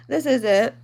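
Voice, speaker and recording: A woman in her thirties records a personal video diary at home in bed. Her voice is gravelly with vocal fry, and she speaks slowly, haltingly and tearfully, with frequent ums and pauses. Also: high-pitched, mellow. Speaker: vlogger, patient.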